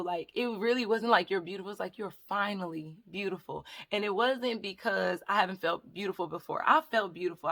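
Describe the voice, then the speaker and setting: A woman's voice: mid-range voice, a bit bright. A woman vlogger chatting to her viewers in a casual, rambling storytime, often calling them y'all. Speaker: hair vlogger.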